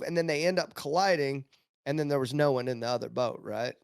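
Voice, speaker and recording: A man's voice: a little high, brisk, no echo, studio quality. A man telling stories as a guest on a casual podcast, with many restarts. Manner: storytelling, animated, many restarts.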